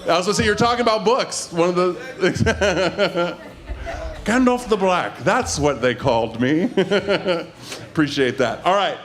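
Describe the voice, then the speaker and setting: A man's voice: high-pitched, lively intonation, measured pace, fairly bright tone. A man hosting a comedy show, introducing comics with upbeat announcements on a handheld mic in a comedy club. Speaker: show host and emcee.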